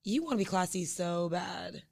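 A young woman co-hosting a casual podcast chat, animated and teasing, swearing freely. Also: on the low side, moderate pace, creaky, slight background noise. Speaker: podcast co-host.

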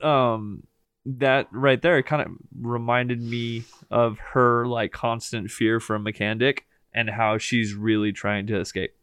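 A man's voice: mid-range voice, steady tone, slow, fairly bright tone, clean tone, dry recording. An easygoing man co-hosting a casual movie podcast, agreeing often and rambling with "you know.". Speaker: podcast co-host.

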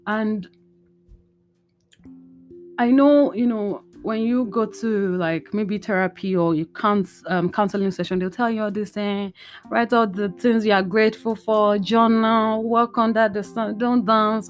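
A woman's voice: mid-range voice, unhurried, soft background music. A young woman talking candidly and emotionally to her listeners in a personal monologue, chatty and full of fillers, recorded at home.

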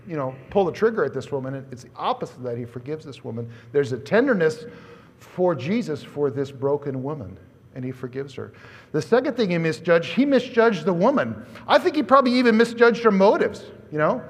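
A man preaching from the pulpit in a lively, conversational manner, pushing his voice up, then dropping it to a hush. His voice sits a little high for a man. A long reverb trails after each phrase, as in a church sanctuary. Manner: animated, conversational preaching with swings from loud to hushed. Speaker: pastor. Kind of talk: sermon.

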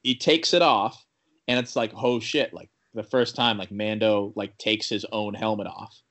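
A man's voice: on the low side, normal speed. Rambling young man retelling a show. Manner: rambling, full of "like" fillers and restarts; animated retelling with quoted character lines. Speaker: podcast co-host recapping a TV episode. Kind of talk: casual chat.

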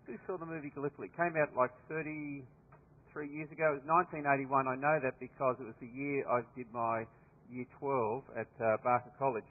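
A man in his fifties with an Australian accent, preaching a sermon in a relaxed, conversational storytelling way. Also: medium pitch. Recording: tinny lo-fi line with long hall reverb.

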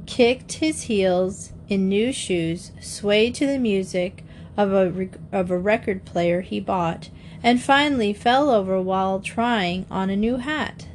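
Slow, steady woman narrating a storybook. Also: medium pitch, a little hiss or hum. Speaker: audiobook narrator. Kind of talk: scripted narration of a children's mystery.

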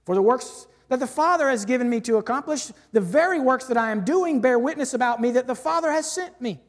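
A male pastor preaching a sermon and reading scripture aloud, emphatic, swinging from loud declarations to hushed asides. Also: very high-pitched. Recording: long hall reverb.

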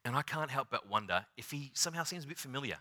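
Male preacher, bright ringing tone, theatrical sermon delivery that drops to near-whispers. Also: mid-range voice, expressive, quick pace. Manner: dramatic, swings from loud to hushed, retells scenes in acted voices.

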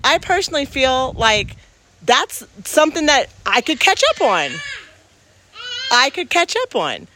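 A woman's voice: high voice, very animated, unhurried, bright, forceful tone, slight background noise. A woman in casual reflective talk, speaking earnestly and emphatically and restarting her sentences as she thinks aloud.

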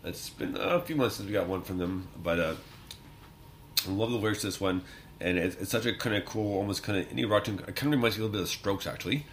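A man's voice: on the low side, fast, fairly bright tone, a little hiss or hum. A man co-hosting a podcast, telling stories in a casual, rambling way and laughing often. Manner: laughs often, rambling storytelling with many fillers. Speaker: podcast co-host. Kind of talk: casual chat.

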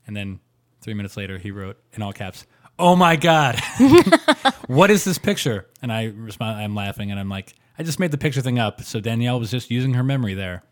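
A man co-hosting a podcast, telling animated stories with lots of fillers and quick laughs. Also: lowish voice. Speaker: podcast co-host. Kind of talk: casual chat.

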